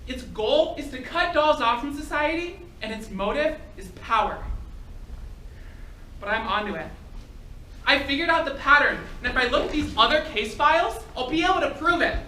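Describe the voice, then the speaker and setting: A woman's voice: sits high, animated, normal speed, slight background noise. A woman playing a disgraced young detective on stage, pleading and prone to emotional outbursts. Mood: determined. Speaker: stage performer. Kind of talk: live solo stage play. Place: college stage. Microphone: far camera. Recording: distant echoey stage recording with loud music.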